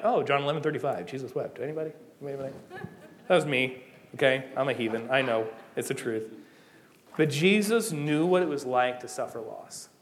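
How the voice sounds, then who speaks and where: Man preaching in a reverberant hall. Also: medium pitch. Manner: animated, conversational preaching with rising emphasis. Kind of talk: sermon.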